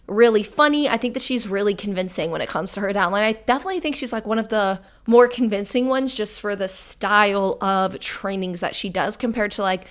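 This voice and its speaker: A woman hosting a critical commentary video, speaking in a measured, pointed way. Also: mid-range voice. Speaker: commentary host.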